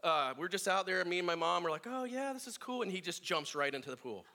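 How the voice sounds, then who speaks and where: A man's voice: high voice, fast talker, a little hiss or hum. A middle-aged man sharing personal family stories in a reflective sermon, acting out voices as he tells them. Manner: reflective, animated in quoted voices.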